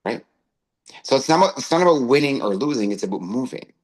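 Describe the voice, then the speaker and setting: A man's voice: mid-range voice, expressive, fast talker, low-quality recording. A male co-host telling a personal story in casual chat, often tagging phrases with "right?". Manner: anecdotal, tags phrases with "right?".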